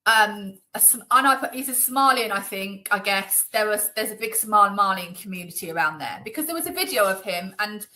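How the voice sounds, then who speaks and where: Bright-voiced indignant woman. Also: medium pitch, expressive, fairly quick, hardly any pauses, rough recording. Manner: chatty, indignant, many fillers. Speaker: interview guest. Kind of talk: conversational interview. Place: Northamptonshire.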